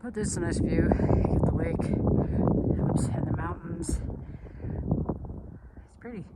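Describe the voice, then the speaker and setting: A woman's voice: fairly low pitch, slow pace. A woman vlogging solo on a hike, talking casually and rambling through matter-of-fact remarks as she walks a mountain trail with a handheld camera. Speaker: hiking vlogger. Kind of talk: casual vlog narration. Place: outdoors on a windy mountain trail. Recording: loud wind noise outdoors. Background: wind.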